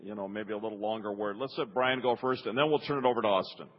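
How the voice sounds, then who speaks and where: A man hosts a prayer gathering, encouraging the crowd and casually handing over to others. His voice sits low with a husky grain. The sound is muffled and dull, with long reverb from a large hall. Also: fast talker. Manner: encouraging, hesitant fillers while organizing speakers. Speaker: prayer meeting leader. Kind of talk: preaching and hosting a prayer meeting.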